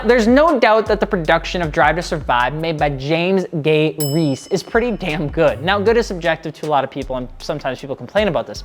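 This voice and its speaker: A woman's voice: fairly low pitch, slight background noise. A woman hosting a scripted commentary video, speaking casually with sarcastic jokes and side remarks. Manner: sarcastic, joking asides. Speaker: video essayist.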